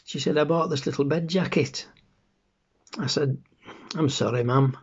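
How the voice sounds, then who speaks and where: A middle-aged man, recounting in a flat, deadpan way in a scripted dramatic monologue. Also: a little high, a little slow, husky. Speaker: actor in a monologue. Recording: dull lo-fi recording.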